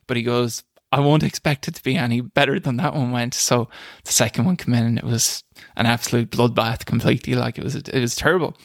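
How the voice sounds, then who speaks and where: A man's voice: mid-range voice, fairly even intonation, fast, creaky, hardly any pauses, no echo, clean studio sound. A young man, a screenwriter and podcast guest, telling self-deprecating stories in a casual chat and laughing as he goes. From Ireland. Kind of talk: casual storytelling interview.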